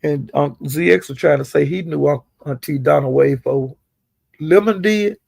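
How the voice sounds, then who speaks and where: A man's voice: on the high side, normal speed, vocal fry, darkish tone, husky, no room sound. A man giving casual, profane gossip commentary on online live streams and scolding the people involved directly. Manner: talks straight to the people discussed.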